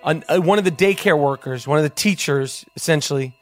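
A high-pitched man hosting a podcast in loud, excitable banter. He swears freely and trips over repeated words as he rants. Music plays under his voice. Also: a little fast, no room sound. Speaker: podcast host.

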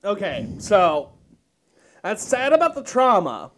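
A man's voice: high-pitched, huge pitch swings, slow pace, a bit bright. A man co-hosting a casual podcast, reacting to clips with crude jokes and frequent laughter. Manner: crude, joking, laughs often. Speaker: podcast co-host.

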